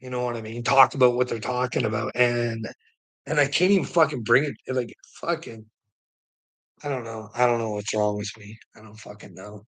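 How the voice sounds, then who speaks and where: A man's voice: mid-range voice, normal speed, a bit bright. A weary man ranting in a profane monologue to the camera, swearing constantly and stammering through restarts. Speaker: vlogger.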